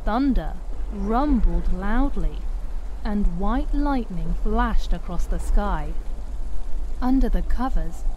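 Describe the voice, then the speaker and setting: A woman narrating a children's story aloud in a gentle, expressive way. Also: mid-range voice, slow pace, slight background noise.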